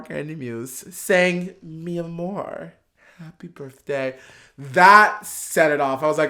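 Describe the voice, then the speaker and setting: A man guest on a chat show, telling a casual story in an excitable, gushing way with many fillers. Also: on the high side, slow pace. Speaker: podcast guest, drag performer.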